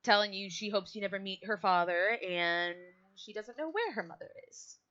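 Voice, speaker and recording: A woman's voice: mid-range voice, moderate pace, fairly bright tone. A woman narrating a tabletop game as game master, casual and hesitant, on a dull lo-fi mic.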